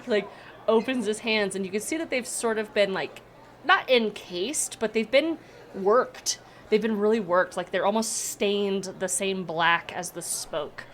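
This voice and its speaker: A woman's voice: mid-range voice, measured pace. Woman game master, casual narration with lots of fillers, faint background hiss.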